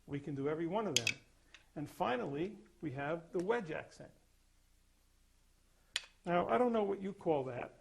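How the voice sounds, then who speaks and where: Gravelly older man teaching percussion. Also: high-pitched, slight background noise. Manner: explains then sings or plays examples. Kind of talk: demonstrating master class.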